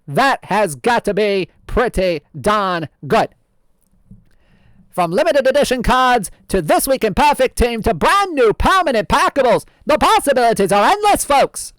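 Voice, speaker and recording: A man's voice: very high-pitched, very animated, a bit bright, no room sound, full character voice. A man hosting as a show host in a put-on old-timey radio announcer voice, theatrical and drawn out. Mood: folksy. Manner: theatrical, drawn-out, laughs at himself. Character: 1920s radio host, hammy and folksy.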